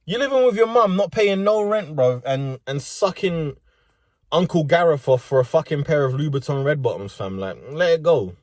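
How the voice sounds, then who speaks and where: A man's voice: on the high side, animated, moderate pace, dry recording, studio quality. A young man with a London accent, ranting comedically and profanely in street slang from inside a car. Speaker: vlogger. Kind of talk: comedic rant.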